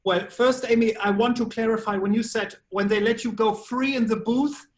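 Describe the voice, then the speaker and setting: In a press junket interview, a male voice actor with a German accent fields questions playfully, using quirky, offbeat phrasing. His voice is high, his intonation fairly even, and he speaks at a normal speed.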